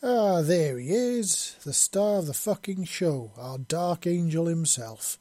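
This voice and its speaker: A man's voice: fairly high pitch, expressive, slow, dark tone, no room sound, voice pushed up. A man voicing a brash, theatrical female team leader with a showy manner. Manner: showy, dramatic.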